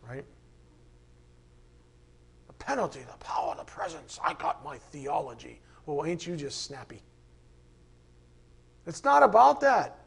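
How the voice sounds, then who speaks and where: Male preacher, husky, high voice, emphatic sermon delivery with sarcastic asides.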